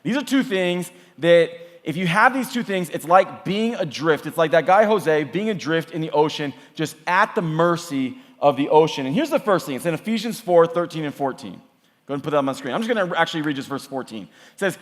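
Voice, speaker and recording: A youth pastor in his thirties gives a camp sermon in a casual, chatty way, peppering his talk with "like." His voice sits high for a man. It rings out with a long reverb from a large hall. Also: moderate pace. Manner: casual, animated storytelling with many "like"s. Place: large church hall or auditorium.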